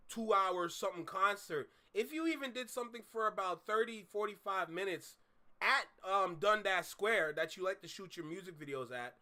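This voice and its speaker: A man's voice: high voice, pushed and bright. A man hosting a reaction video, ranting heatedly and swearing as he reacts. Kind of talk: casual reaction commentary.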